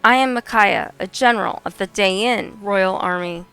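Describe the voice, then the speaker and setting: A woman's voice: mid-range voice, moderate pace, fairly bright tone, smooth, soft background music, lightly acted. A woman reading as an earnest young woman general. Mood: pleading. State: hoarse. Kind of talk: reading game dialogue aloud.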